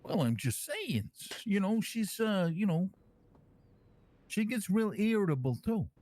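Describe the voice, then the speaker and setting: A man's voice: sits high, a little slow, no echo, exaggerated voice. A man playing a brash, foul-mouthed crime boss. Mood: boastful. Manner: rambling storyteller, swears constantly, lively and animated. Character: brash crime-family man calling himself king, crude. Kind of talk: online role-play in character.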